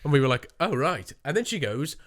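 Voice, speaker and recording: A man's voice: on the high side, big pitch swings, brisk, a bit bright. A young man, rambling through a story in casual podcast chat, swearing and mimicking people. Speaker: podcast co-host.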